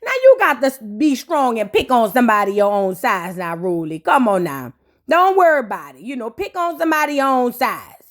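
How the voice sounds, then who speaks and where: A woman hosting a reaction show, recapping in a casual, animated, profane way and talking straight to her viewers. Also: fairly high pitch, fairly quick.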